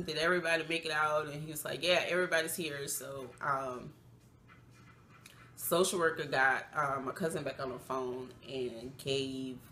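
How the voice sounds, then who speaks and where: Low-voiced woman. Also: a little hiss or hum. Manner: emotional, animated retelling with acted quotes; loose, chatty, many fillers. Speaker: vlogger. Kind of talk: casual storytime.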